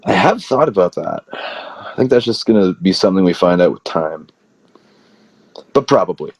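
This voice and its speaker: A man's voice: low-pitched, animated, moderate pace, husky, no echo. A man, a wrestler guest, telling long rambling stories full of "like" in a casual interview. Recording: slightly muffled dry audio.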